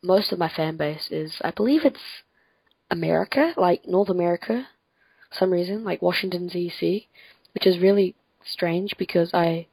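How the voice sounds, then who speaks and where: Gravelly, husky young woman from France. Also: lowish voice, moderate pace, a little mellow, no room sound, rough recording. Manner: rambling, self-correcting, laughs often. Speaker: podcast host. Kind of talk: casual chat. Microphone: home computer mic on a Skype call.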